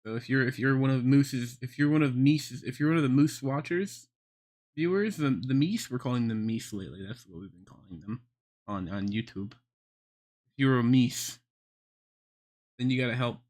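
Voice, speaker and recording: A young man livestreaming, rambling through a deadpan absurd bit with plenty of swearing. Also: mid-range voice, normal speed. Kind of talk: rambling joking stream chat.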